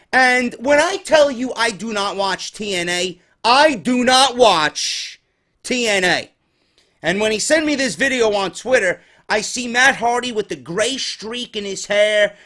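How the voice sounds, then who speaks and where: A very high-pitched, sharp-toned man rants about wrestling on his podcast. The New Yorker sounds tired and exasperated, and his commentary is full of constant cursing.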